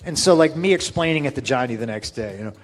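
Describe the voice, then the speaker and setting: A man casually telling a story in an interview, animated, acting out what people said with a raised voice. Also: mid-range voice, fast talker. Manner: animated, acts out quotes with raised voice.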